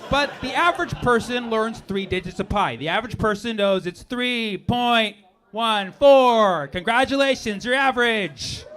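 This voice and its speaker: A man doing a stand-up comedy set on a club stage, brash and shouting his punchlines, with swearing. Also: very high voice, lively intonation, measured pace, a faint crowd. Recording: live club recording with audience noise.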